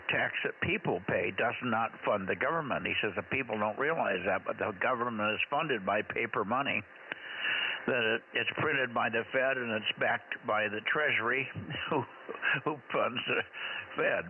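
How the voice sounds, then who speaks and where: A man running a ham radio net, chatting casually and rambling with many fillers. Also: medium pitch. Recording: tinny radio with hiss.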